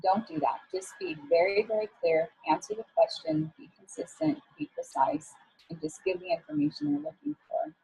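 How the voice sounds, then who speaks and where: A woman's voice: medium pitch, sing-song, moderate pace, creaky, dark tone, husky, low-quality recording. A woman working as an image coach, giving a talk on professional communication in a casual, encouraging way with frequent fillers.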